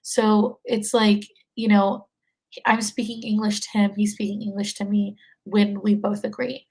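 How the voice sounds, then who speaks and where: A woman's voice: medium pitch, flat delivery, measured pace, a little mellow, slightly rough, poor audio. A young woman in her twenties, a podcast guest, talking casually with many fillers and frequent laughs. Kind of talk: casual conversation.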